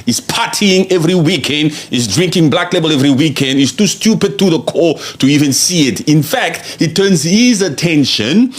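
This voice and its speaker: A man's voice: a little high, lively intonation, normal speed, few pauses. A man hosting a podcast, ranting bluntly and mockingly, swearing and repeating himself for emphasis. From outside South Africa. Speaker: podcast host. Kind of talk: opinionated podcast rant.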